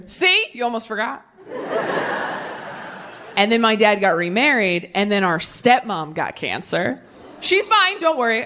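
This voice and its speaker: A woman's voice: fairly high pitch, a bit bright. A woman in her thirties performing a stand-up set with a punchy, wry delivery, often jumping into character voices. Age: 30s. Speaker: stand-up comedian.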